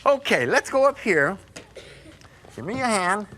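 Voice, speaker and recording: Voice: medium pitch, sing-song, a little slow, pushed and bright. An actor playing a big, friendly, silly wolf who chats playfully with the children in a live stage show. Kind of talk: live children's theatre, talking to the audience. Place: theatre stage with a live audience.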